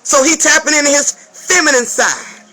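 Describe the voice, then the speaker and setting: A woman's voice: high-pitched, normal speed, bright, forceful tone, faint music behind, low-quality recording. A woman speaking as a spiritual advisor in a casual vlog rant. She swears a lot, talks emphatically and keeps checking in with the viewer.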